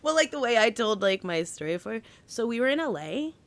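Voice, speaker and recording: A woman from Massachusetts co-hosting a podcast, chatting in a lively way, laughing often and saying "like" a lot. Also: a little high, fairly quick, no echo. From Massachusetts, USA. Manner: animated, laughing, lots of "like". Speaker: podcast co-host. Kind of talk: casual chat.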